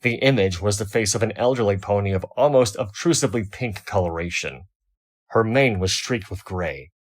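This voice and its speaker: A man reading a first-person fan fiction story aloud, wry and expressive. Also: fairly low pitch, moderate pace. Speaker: audiobook reader.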